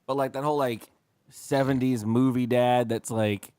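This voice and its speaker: A man's voice: medium pitch, steady tone, moderate pace, warm tone, clean tone, no echo, clean studio sound. A man co-hosting a podcast in casual chat, sighing, swearing and saying "like" a lot. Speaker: podcast co-host.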